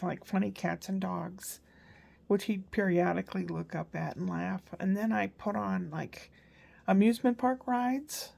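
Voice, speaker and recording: Older woman vlogger with a very gravelly voice who rambles through homey stories at a mid pitch. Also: darkish tone. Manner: chatty, meandering storytelling with fillers. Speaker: grandmother vlogger. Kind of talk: casual rambling daily recap.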